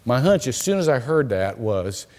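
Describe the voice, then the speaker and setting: A male pastor preaching a sermon, telling stories in an animated way with frequent repeated words. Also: medium pitch, normal speed. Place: church hall. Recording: long reverb of a church hall.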